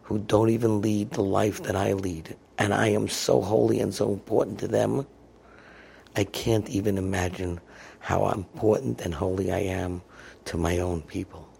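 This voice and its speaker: A man voicing a humbled young yeshiva student who speaks slowly and earnestly. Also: on the low side, fairly even intonation, vocal fry, breathy edge, full character voice. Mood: moved. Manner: slow, soft, earnest.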